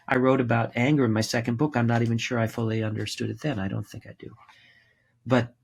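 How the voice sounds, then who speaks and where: A man's voice: mid-range voice, flat delivery, fast, creaky, breathy edge. A man in his sixties, a guest telling his story in a candid interview, impassioned and repeating words for emphasis, swearing freely. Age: 60s. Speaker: podcast guest, author and actor.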